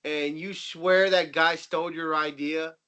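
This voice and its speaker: Bright-voiced man reminiscing. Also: fairly high pitch, measured pace, clean tone. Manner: excitable, profane reminiscing. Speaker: podcast co-host. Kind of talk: casual chat.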